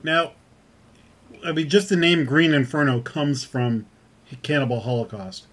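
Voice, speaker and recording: A man co-hosting a horror podcast, asking questions in relaxed casual chat. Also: fairly high pitch, a little slow. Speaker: podcast co-host.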